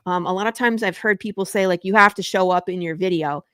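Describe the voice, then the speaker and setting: A woman's voice: on the low side, fast talker, fairly bright tone, smooth, dry recording, studio quality. Chatty laughing woman podcast host. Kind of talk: casual chat.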